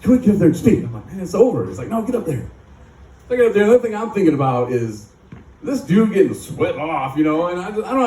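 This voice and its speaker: A man's voice: high voice, darkish tone, recorded from a distance, a little hiss or hum. A man from Michigan speaking at a recovery rally, telling his story in a joking, rambling way with frequent laughs. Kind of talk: recovery testimony talk. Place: live rally stage. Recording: echoey and off-mic.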